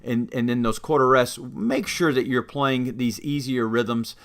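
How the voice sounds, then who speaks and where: A man's voice: mid-range voice, fairly even intonation, unhurried. A man teaching trumpet students about rhythm, explaining carefully and singing rhythm examples on "da". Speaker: music teacher. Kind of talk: instructional talk with sung rhythm examples.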